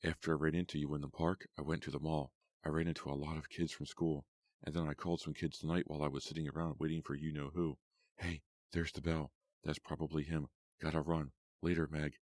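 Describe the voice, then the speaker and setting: Chatty teenage girl read by a man, very deep voice, dry. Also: flat delivery, brisk, darkish tone, dry recording. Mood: breezy.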